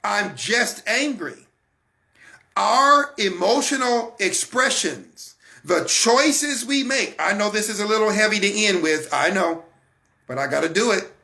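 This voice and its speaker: A man's voice: high voice, expressive, a little slow, creaky, pushed and bright. An American man hosting a Christian broadcast, giving an emphatic, repetitive sermon-like talk straight to his listeners. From United States.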